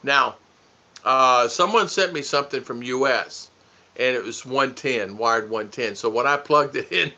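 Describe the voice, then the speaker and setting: A man's voice: medium pitch, measured pace, sharp tone. A man hosting a casual livestream, joking, teasing and laughing as he answers viewer comments. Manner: goofy, teasing, laughs often. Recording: dull lo-fi stream audio.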